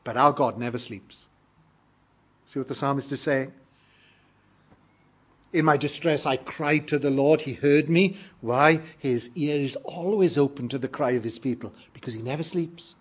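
Husky British preacher, earnest and emphatic. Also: male voice, medium pitch, moderate pace. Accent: British English. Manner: earnest, emphatic preaching with sudden loud peaks. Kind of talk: sermon.

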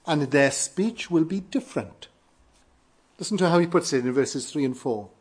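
A man from Wales with a Welsh accent, preaching an earnest sermon with emphatic rises and quiet falls. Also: on the high side, expressive, normal speed, slightly rough. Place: church in London.

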